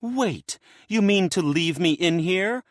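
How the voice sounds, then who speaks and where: A man's voice: medium pitch, big pitch swings, measured pace, no room sound, studio quality, pitched above the performer's own voice. A man reading an audiobook, voicing a bold, scheming female necromancer who talks in a curt, demanding way. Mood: anxious.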